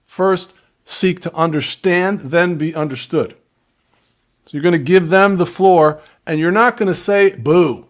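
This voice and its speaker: A man's voice: sits high, a little slow. A man giving earnest, direct relationship advice to viewers in a coaching tone. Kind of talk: instructive advice talk to viewers.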